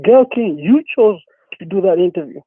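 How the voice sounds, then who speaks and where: A man's voice: sits high, expressive, fairly quick, breathy edge, dry recording. Fired-up man ranting down a phone line. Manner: profane, repetitive, worked-up. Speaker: caller. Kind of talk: angry phone-in rant.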